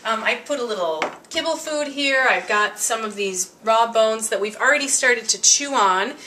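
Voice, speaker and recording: With lively intonation and a sharp tone, this woman speaks at normal speed in a fairly high pitch. She's a dog trainer running a casual, cheerful demo in her kitchen, full of asides, captured on a distant mic in an echoey room.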